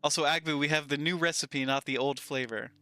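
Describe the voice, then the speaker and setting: A man's voice: a little high, fairly even intonation, brisk, bright, forceful tone, clear, resonant tone, dry recording. A man with a Southern US accent streaming a game, reading chat aloud and bantering playfully.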